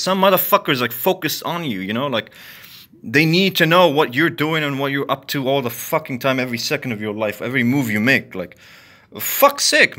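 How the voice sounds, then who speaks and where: Animated, bright-voiced man ranting. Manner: heated, profane, repetitive venting; swings from loud outbursts to low muttering. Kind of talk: angry solo rant to camera.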